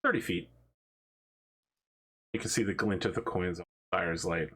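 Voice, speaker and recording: A man with a low, husky voice, pushed and bright, runs a tabletop game as dungeon master at a moderate pace. He sounds casual and amused, laughing now and then as he describes the scene.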